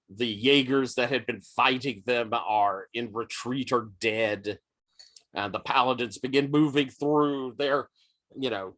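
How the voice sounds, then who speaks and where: A male game master narrates a tabletop roleplaying scene in a measured, descriptive style. He speaks slowly and evenly at a mid pitch. The recording is dry and close. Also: sharp tone, dry recording.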